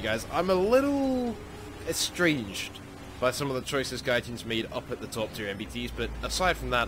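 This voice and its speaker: Excitable Scottish gaming YouTuber. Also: male voice, medium pitch, a little slow, noisy background. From Scotland. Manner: excitable, exclaims often. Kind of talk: casual gameplay commentary.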